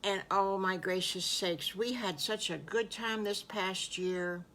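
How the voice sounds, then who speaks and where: An older woman voicing a gentle, fond mother pig in a storybook tale, with sweet, old-fashioned exclamations. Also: medium pitch, slow pace, a little hiss or hum.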